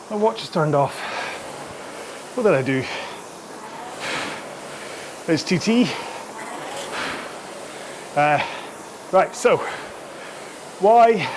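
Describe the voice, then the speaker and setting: A man's voice: on the high side, background noise. A man hosting a live rowing workout, chatty and out of breath between sprints, on a throat-worn microphone in his home studio. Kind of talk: live follow-along workout chat.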